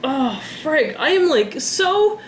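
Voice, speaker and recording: A woman's voice: high-pitched, very animated, slight background noise. Tearful, drained woman vlogger. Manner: emotional, rambling, sighing, halting. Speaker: pet vlogger. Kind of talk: casual personal vlog.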